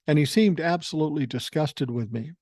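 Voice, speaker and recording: A man's voice: on the high side, brisk, a little mellow, no room sound, clean studio sound. A man in his sixties from Minnesota, hosting a podcast and telling rambling, profane stories in a casual way. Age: 60s. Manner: profane, rambling anecdotal delivery. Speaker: podcast host. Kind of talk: casual storytelling.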